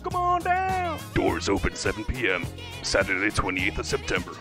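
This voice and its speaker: A man hamming up a bouncy, exaggerated promo announcer, his pitch leaping all over the place. He pitches a comedy night with silly over-the-top energy, with music playing clearly behind him. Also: huge pitch swings, normal speed. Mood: hyped. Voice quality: hammy, exaggerated.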